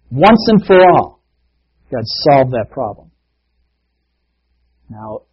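A man's voice: fairly high pitch, breathy edge, muffled recording. A man preaching a sermon in a conversational way, telling stories and laughing now and then. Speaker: pastor.

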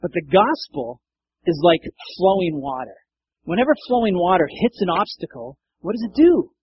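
A man's voice: high-pitched, sing-song, normal speed, muffled recording. A man preaching a sermon in a conversational way, acting out quoted lines and laughing now and then. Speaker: pastor.

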